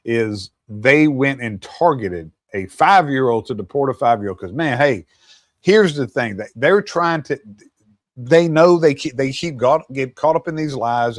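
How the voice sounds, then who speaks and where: A man's voice: medium pitch, dry recording, clean studio sound. A man hosting a show, ranting with profanity and scornful laughs in political commentary. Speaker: host.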